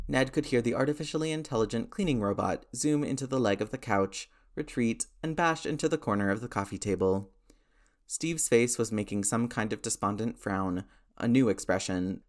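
A man narrating a story aloud in a steady storytelling manner. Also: lowish voice. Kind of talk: audiobook narration of fan fiction.

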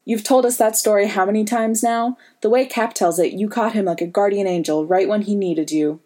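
A woman's voice: medium pitch, a little fast, warm tone, lightly acted. A woman reading the part of a wisecracking grown man who teases his friends sarcastically. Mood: wry. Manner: sarcastic, teasing. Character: wisecracking grown male archer, teasing.

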